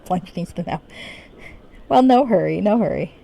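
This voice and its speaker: A woman's voice: on the low side, a little fast, gravelly, darkish tone. A woman live-streaming a video game, chatting casually, laughing often and reading the game's dialogue aloud in her own voice.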